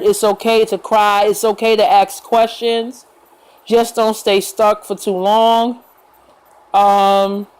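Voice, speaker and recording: A woman talks straight to her viewers in a casual vlog. Her tone is earnest and gentle, reassuring rather than showy. She takes her time, pausing and filling gaps with small sounds as she thinks. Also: mid-range voice, poor audio. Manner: unhurried, with fillers and pauses. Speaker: vlogger. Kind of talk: casual talk to camera.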